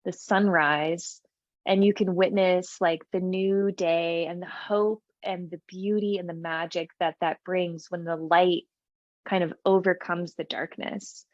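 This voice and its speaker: A woman's voice: on the low side, steady tone, a little slow, dry recording, dull audio. A young woman co-hosting a podcast, chatting casually with lots of fillers, restarts and laughs. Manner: rambling, many fillers and restarts, laughs often. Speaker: podcast co-host. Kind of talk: casual chat.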